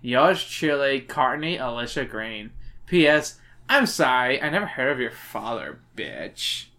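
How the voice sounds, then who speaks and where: A man's voice: mid-range voice, sing-song, a little slow, bright, forceful tone, slight background noise, voice pushed down, full character voice. A drunk man doing a slurring, lisping spoiled girl. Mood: snooty. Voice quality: slurring with a lisp. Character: spoiled preteen girl writing a snooty letter. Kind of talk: comic book reading.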